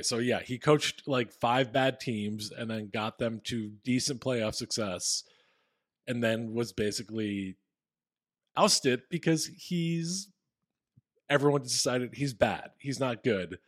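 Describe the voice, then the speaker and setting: A man's voice: medium pitch, slow pace, dry recording, studio quality. A man co-hosting a podcast, talking casually and rambling through his points. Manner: rambling with fillers and restarts. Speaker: podcast co-host. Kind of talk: casual chat.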